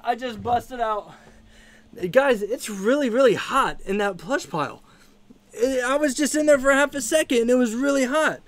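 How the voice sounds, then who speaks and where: A man's voice: very high-pitched, moderate pace. A man hosting a casual live stream from a room at home, chatting upbeat with his viewers and thanking them. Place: home room with plush pile.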